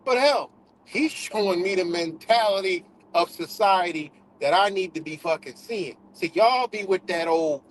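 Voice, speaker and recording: A man's voice: high voice, a little hiss or hum, poor audio. A man hosting a livestream in a casual, profane rant, repeating himself for emphasis. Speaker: livestream host.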